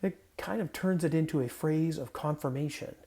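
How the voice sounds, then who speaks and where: Mellow-voiced man giving a playful sermon. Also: fairly high pitch, moderate pace. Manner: conversational and playful, with self-corrections. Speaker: pastor. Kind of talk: casual sermon with scripture reading. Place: home guest room.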